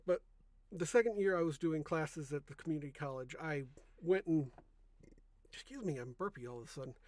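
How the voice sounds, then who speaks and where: Young man, podcast host, casual rambling chat, soft-spoken, keeps restarting his sentences, dry close sound. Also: a little high, brisk, no echo.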